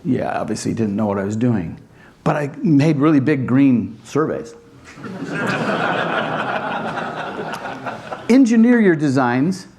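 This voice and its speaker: A man with a fairly high voice gives a technical talk as an instructor. His pitch swings widely, and he acts out back-and-forth exchanges with customers in an animated way. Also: extremely slow, long pauses, heavy background noise. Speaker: Wi-Fi design instructor. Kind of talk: conference presentation.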